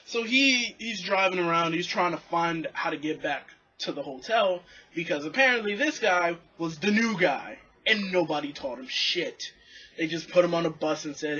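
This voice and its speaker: High, bright-voiced man telling a profane story. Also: moderate pace, slightly rough, lo-fi sound. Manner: animated, swearing, acts out quotes. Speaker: vlogger. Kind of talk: casual profane storytelling to camera.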